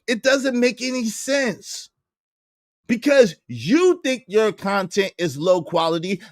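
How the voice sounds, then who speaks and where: A man hosting a livestream, ranting in a heated, animated way and repeating his points. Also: very high voice, dry recording, studio quality. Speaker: livestream host.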